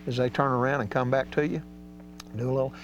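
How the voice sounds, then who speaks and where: A folksy man explains duck calling with an easy drawl and plain, casual grammar. His voice sits at an ordinary pitch. The audio is a little dull, with a faint hum underneath. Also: steady tone, fast talker. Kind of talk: outdoor hunting instruction.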